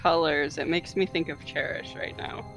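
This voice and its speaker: A woman's voice: sits low, fairly even intonation, normal speed, a bit bright, soft background music, rough recording. A woman playing a tabletop game, chatting bluntly and casually, swearing now and then. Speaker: player.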